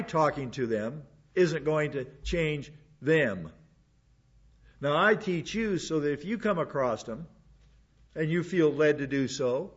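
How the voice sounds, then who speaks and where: A male pastor delivering a sermon, repeating words for emphasis and dropping into quiet asides. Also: on the high side, expressive, slow pace, slightly rough, dull audio.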